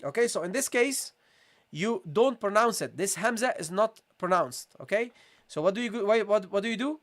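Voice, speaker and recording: A man teaching a live online recitation lesson, patiently repeating questions to viewers and modelling sounds slowly. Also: high-pitched, expressive, a bit bright.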